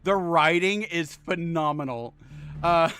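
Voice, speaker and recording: A man streaming a game, chatting casually and excitedly, swearing often, laughing and thanking viewers warmly. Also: on the high side, slow pace. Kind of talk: casual live-stream chat.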